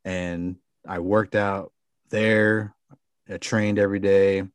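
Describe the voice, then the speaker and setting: A man's voice: sits low, level tone, slow, clean tone, dry recording. A man talking as a podcast guest, telling a rambling story full of fillers and the odd swear word. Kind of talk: casual storytelling.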